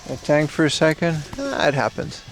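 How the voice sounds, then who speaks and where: A chatty livestream host wanders a retro game shop on a casual IRL stream, reading chat aloud and talking with viewers. He has a fairly high, sing-song, gravelly voice at a moderate pace.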